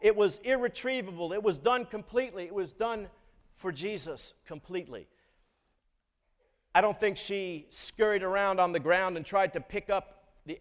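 A man preaching a sermon in a measured way, often putting questions to the congregation. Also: sits high, big-room sound. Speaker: pastor.

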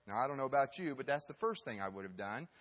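A man's voice: medium pitch, animated, fast, a bit bright. A man giving a sermon as pastor, telling a story emphatically with some hesitant fillers.

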